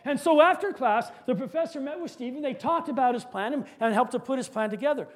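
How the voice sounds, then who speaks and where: A man preacher narrating a sermon illustration in an animated, dramatic storytelling way. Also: very high-pitched, quick pace.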